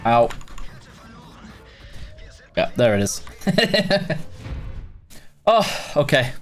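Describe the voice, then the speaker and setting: A man's voice: mid-range voice, very animated, drawn-out words, long pauses, fairly bright tone, faint music behind. A man hosting a game livestream, reading out chat questions and answering them casually, tired and yawning. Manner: reads chat questions aloud, answers offhand with fillers. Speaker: livestream host answering chat while playing.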